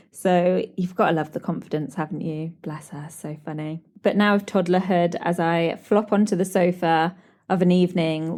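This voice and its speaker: Young British woman podcast host, lower-pitched, animated and chatty storyteller. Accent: British English. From Britain. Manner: animated storyteller, laughs often, acts out quoted people.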